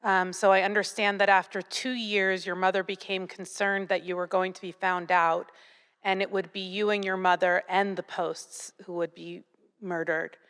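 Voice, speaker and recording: A woman interviewing a guest on stage, asking gentle, measured questions. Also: medium pitch, flat delivery, clear, resonant tone. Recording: hall reverb.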